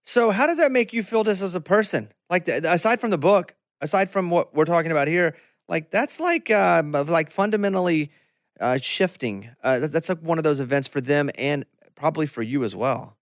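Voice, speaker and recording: A man's voice: fairly high pitch, animated, moderate pace, no room sound, clean studio sound. A male podcast host asking loose, conversational questions, often circling and restarting as he works out what to ask. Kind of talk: casual interview chat.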